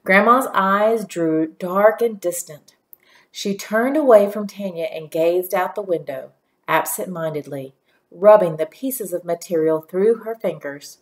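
A woman reading a children's storybook aloud in a gentle, steady storytelling manner. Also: lowish voice, unhurried. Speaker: narrator.

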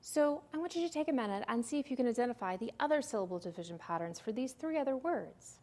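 A woman lecturing on reading skills in a patient, teacherly way. Her voice sits a little high and has a gravelly edge. She walks through each step and sounds out words as she goes. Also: expressive, fast, a little mellow. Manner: patient, step-by-step teacherly explaining with questions to the listener; models the sounds aloud. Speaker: literacy presenter. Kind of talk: recorded lecture.

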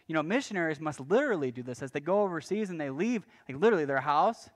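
A pastor preaching a sermon in a casual, conversational way, often restarting phrases and adding light asides. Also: male voice, a little high, lively intonation, quick pace. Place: church.

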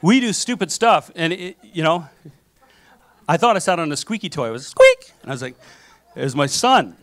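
Animated man preaching a sermon. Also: fairly high pitch, a little fast. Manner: animated storytelling with acted-out quotes. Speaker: pastor. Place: church sanctuary.

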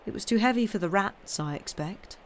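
A woman's voice: medium pitch, animated, fairly quick, close to an everyday voice. A woman voicing a good-humoured young man who answers an accuser lightly and with mockery in a storybook reading. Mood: cool, mocking. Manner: light, mocking, lifted tone.

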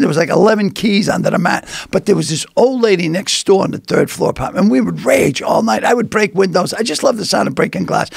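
An older man, a comedian telling a rambling, loud story with bursts of laughter. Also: high-pitched, dry recording. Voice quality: gravelly. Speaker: comedian guest. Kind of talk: animated storytelling.

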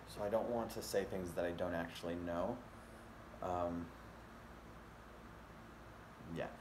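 A man with a medium-pitched voice vlogs casually, rambling with lots of fillers and restarts. The room is echoey with faint ambience and some background noise.

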